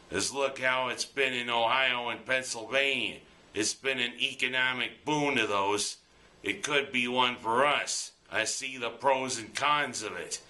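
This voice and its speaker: A man delivers his weekly commentary at an unhurried, deliberate pace. His voice is bright and forward, and his delivery is plainspoken and earnest. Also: mid-range voice. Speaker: local sports and opinion commentator.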